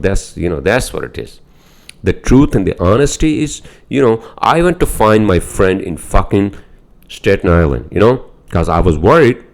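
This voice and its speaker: A man with a very low voice rants alone on his podcast at his home computer. He talks in an angry, profane stream broken by filler words. Again and again he punches up to a loud, challenging "all right?". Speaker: podcast host. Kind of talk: casual solo podcast rant.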